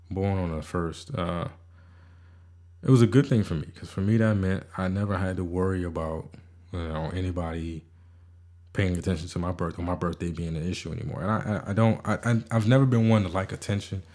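Male podcast host, very low voice, rambling, stammering, self-deprecating. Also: a little mellow. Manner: rambling, stammering restarts, frequent swearing. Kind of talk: casual podcast monologue.

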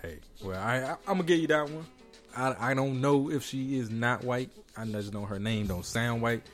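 A man's voice: mid-range voice, normal speed, faint music behind. A man hosting a casual podcast, joking around and reading news stories aloud to his co-host.

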